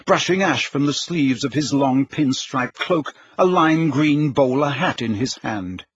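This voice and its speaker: A man narrating an audiobook in a measured, even storytelling manner. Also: medium pitch, slightly rough, dull audio. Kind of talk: scripted narration.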